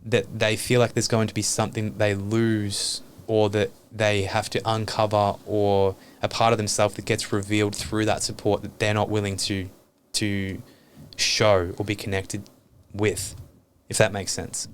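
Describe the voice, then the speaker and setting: Guy on a podcast, fairly low voice, real open and earnest, swears now and then, faint hum behind. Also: little pitch movement, unhurried. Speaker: podcast guest. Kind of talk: reflective podcast conversation.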